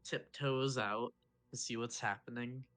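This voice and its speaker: A player in a tabletop role-play game, slow and laid-back. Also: mid-range voice, steady tone, a bit bright.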